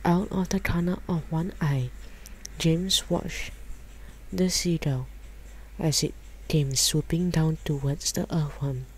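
A woman reading a children's book aloud in calm, measured narration. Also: low voice, husky, poor audio. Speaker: storyteller.

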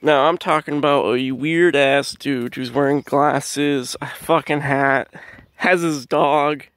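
A man's voice: medium pitch, steady tone, takes it slowly, a bit bright, dry recording. A young man telling a rambling story in a casual vlog, swearing freely and laughing often as he walks his dog in the woods. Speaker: vlogger. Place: outdoors in woods, walking dog.

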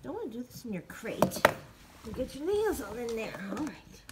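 A woman's voice: a little high, big pitch swings, normal speed. A woman vlogging at home, coaxing, scolding and praising her dogs while she trims their nails. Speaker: dog owner vlogger. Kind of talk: casual home video. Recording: noisy room with dogs and clicks.

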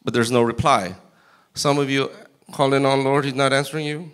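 A man preaching a sermon as pastor in a church, animated and acting out scripture in voices. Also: medium pitch, normal speed, smooth. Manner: animated, acts out Bible quotes in character voices. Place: church sanctuary.

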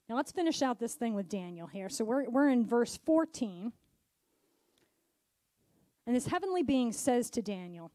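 Higher-voiced woman pastor preaching. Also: expressive, moderate pace, pauses often, no echo. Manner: storytelling, swings from loud emphatic to soft near-whisper. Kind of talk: sermon.

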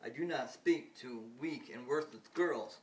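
A man voicing an arrogant alien boy ruler, reading his lines louder and higher than his own voice. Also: unhurried, far from the mic, a little hiss or hum, lightly acted. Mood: scornful.

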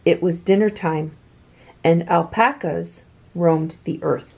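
A woman reading a children's picture book aloud with expressive, swooping delivery. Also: fairly low pitch, slow pace, creaky, slightly rough, dull audio. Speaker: children's story reader.

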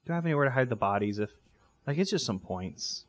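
A man narrating his gameplay in a loose, rambling way, joking and correcting himself as he goes. His pitch swings widely, lively and animated. His voice sits at an ordinary middle pitch for a man. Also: fast. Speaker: let's play host. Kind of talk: casual gameplay commentary.

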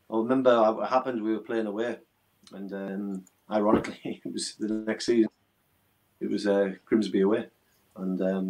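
A middle-aged man talks through old memories in a relaxed interview. His voice sits low, and his stories come out earnest, emotional and a little rambling. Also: rough recording. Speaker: former footballer, interview guest. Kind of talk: casual reminiscing interview.

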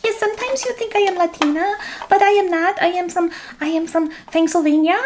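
A woman voicing a polite, cheerful girl doll in a high sing-song voice. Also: fairly even intonation, fairly quick, noisy background. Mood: sweet.

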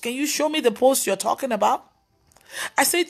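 With a high voice and brisk delivery, this woman pastor preaches over live video. She scolds with emphatic exclamations and brings her stories to life by mimicking how others talk.

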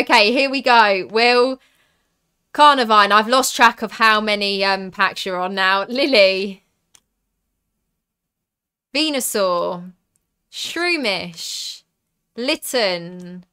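Bright, clear-voiced southern English woman. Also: medium pitch. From southern England. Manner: chatty, reads out cards and viewer comments. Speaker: streamer opening card packs. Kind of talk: live stream chat.

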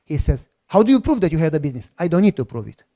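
A middle-aged male pastor with a fairly high voice tells a testimony from the pulpit. He plays out each side of the dialogue as he goes, and at times he sinks into a low, hushed voice. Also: very fast. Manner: animated storyteller, acts out dialogue; drops to a soft low voice at moments. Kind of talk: sermon testimony.

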